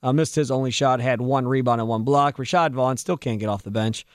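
A man's voice: mid-range voice, brisk, dry recording, studio quality. A man hosting postgame sports talk radio, breaking down the box score and ranting about roster moves. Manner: animated, heated rants.

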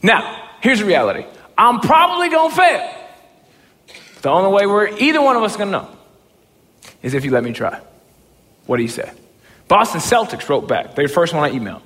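A man giving a motivational talk as a storyteller, swinging from low murmurs to excited shouts, stammering and repeating words when he gets worked up. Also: fast, pauses often, big-room sound. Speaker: motivational speaker.

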